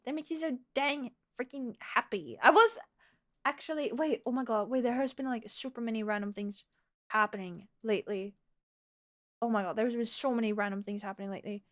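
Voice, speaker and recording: A woman live streamer chatting casually with her viewers and telling a rambling story, laughing often. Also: fairly high pitch.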